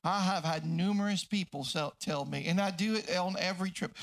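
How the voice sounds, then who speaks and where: A man pastor preaching a sermon, fervent and repetitive, sometimes breaking into shouts. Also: high-pitched, animated, measured pace, vocal fry, few pauses.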